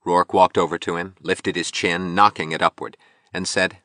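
Deep-voiced male audiobook narrator. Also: level tone, normal speed, bright, forceful tone, no room sound, studio quality. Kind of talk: scripted narration.

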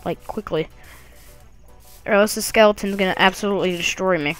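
A woman's voice: medium pitch, a little slow, music in the background. A woman narrating her own game play in a casual way, chatting to the monsters and yelping when she is startled. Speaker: let's play gamer.

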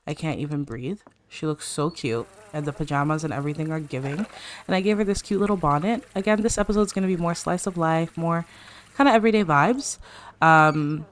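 A young woman chatting excitedly through a life-simulation game, talking to her viewers in a slangy, casual way. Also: deep voice. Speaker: let's play creator. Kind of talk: casual gameplay commentary.

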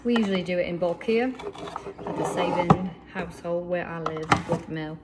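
In a casual kitchen demo video, a woman shows off meal prep tools in her home kitchen, chatty and enthusiastic with playful asides. Her voice is on the low side at a moderate pace, and there's loud background noise in the recording.

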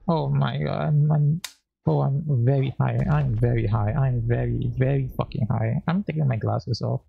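A gravelly, creaky voice from a gamer in let's-play commentary, swearing and venting frustration straight at the game. Game music plays clearly underneath. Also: mid-range voice, normal speed, warm tone. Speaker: gaming channel host.

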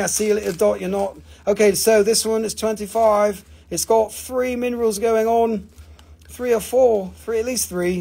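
A high-voiced man hosts a live rock sale with a gravelly, husky edge. He talks excitedly, jokes with his viewers and swears freely. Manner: profane, excitable, joking with viewers. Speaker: live sale host selling minerals. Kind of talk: excited live-stream sales patter.

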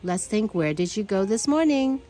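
A woman's voice: mid-range voice, lively intonation, moderate pace, dark tone, pitched above the performer's own voice, lightly acted, low-quality recording. A woman reading aloud, voicing a kind, curious female anteater who solves mysteries.

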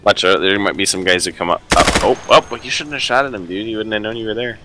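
A man reacting excitedly and laughing in casual game chat. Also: on the low side, quick pace, loud music behind the voice. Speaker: gamer.

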